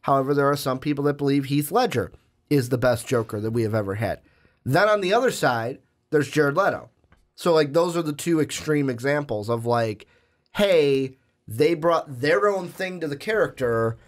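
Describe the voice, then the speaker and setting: A man's voice: a little high, lively intonation, moderate pace. A young man co-hosting a casual podcast, talking at length with many restarts before landing on pointed questions. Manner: rambling, restarts and fillers, builds up to pointed questions. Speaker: podcast co-host. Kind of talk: casual movie chat.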